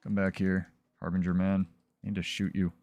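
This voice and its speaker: A man's voice: sits low, level tone, brisk, a little mellow, no echo. A man talking casually as a streamer during live gameplay, loose and chatty with many fillers.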